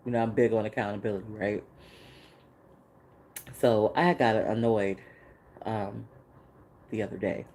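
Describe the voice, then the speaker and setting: A woman's voice: extremely low pitch, fairly even intonation, measured pace, long pauses, dark tone, low-quality recording. A woman hosting a podcast, speaking candidly in a casual spiritual monologue, laughing often and swearing freely. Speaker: podcast host.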